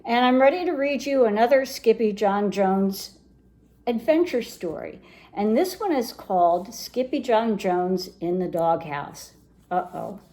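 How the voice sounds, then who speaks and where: A woman with a fairly high-pitched voice reads a picture book for children aloud, expressive and lively as she tells the story.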